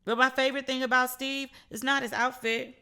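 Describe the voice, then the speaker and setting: A woman hosting a casual solo podcast, telling stories with playful, animated asides. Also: high voice, fairly quick, smooth. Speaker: podcast host.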